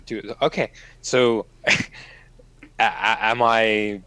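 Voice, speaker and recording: Hesitant, slow-talking male player. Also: fairly low pitch, little pitch movement, bright, forceful tone. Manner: hesitant, halting with fillers. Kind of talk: casual tabletop game talk.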